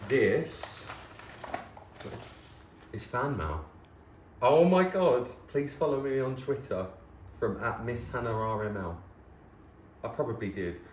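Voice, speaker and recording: A man in his thirties chatting casually to camera, gushing and quick to get emotional as he shows old keepsakes. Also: lowish voice. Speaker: former talent show contestant, presenter. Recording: echoey room, faint hiss.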